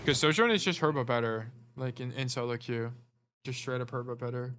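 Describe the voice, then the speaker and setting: A man's voice: mid-range voice, brisk, background noise. Blunt man coaching over gameplay. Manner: blunt, direct instructions with repeated commands. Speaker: game coach.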